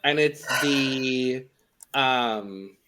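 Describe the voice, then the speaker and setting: A man co-hosting a podcast, recapping a reality show in chatty, expressive casual talk. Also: medium pitch, drawn-out words. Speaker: podcast co-host.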